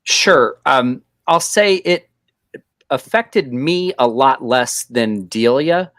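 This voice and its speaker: Measured man answering on a call. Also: mid-range voice, expressive, fairly bright tone, no room sound, studio quality. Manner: measured, many fillers. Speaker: comic creator, guest. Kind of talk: casual interview chat.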